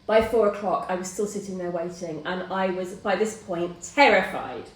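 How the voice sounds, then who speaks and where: A middle-aged woman hosting a casual chat, telling a personal story in an animated way and acting out the voices of people in it. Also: lowish voice, normal speed. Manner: animated storyteller who acts out quoted voices. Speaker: host. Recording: roomy, distant mic.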